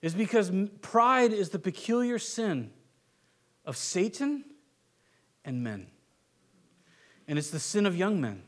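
A man preaching a sermon in a conversational way, often restarting phrases and slipping into quick mock voices to make a point. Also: sits high, very animated, fairly bright tone. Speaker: pastor.

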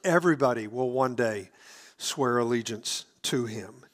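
Man, preacher, earnest sermon delivery, mid-pitched voice. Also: unhurried. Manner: earnest, explanatory preaching with frequent restarts.

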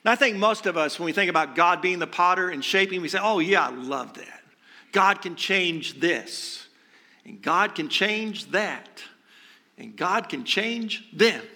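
A man's voice: fairly high pitch, pushed and bright. A male pastor preaching a sermon in a conversational way, asking rhetorical questions and dropping light jokes.

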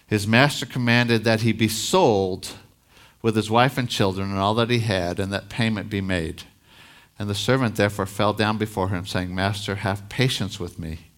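A man preaching a Sunday sermon in a fairly low voice. He reads scripture aloud and stops to explain it plainly. His force rises on the lines he wants to land. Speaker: pastor.

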